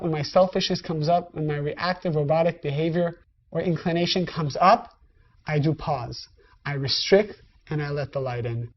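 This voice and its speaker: A woman's voice: low voice, highs cut off, a little hiss or hum. A woman teaching a spiritual lesson in a conversational style, speaking directly to her listeners. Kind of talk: recorded lecture.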